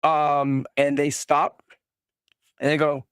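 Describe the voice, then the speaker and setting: A game master narrating a tabletop game in a casual, halting way, with many fillers and quick voices for each character. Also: medium pitch, clear, resonant tone, no room sound, clean studio sound.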